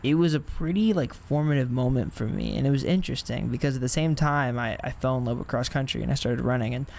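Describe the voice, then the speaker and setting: Young male podcast host, candid and reflective in casual chat, mid-pitched voice, faint hiss behind it. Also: quick pace, vocal fry, darkish tone. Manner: reflective, candid, laughs at himself.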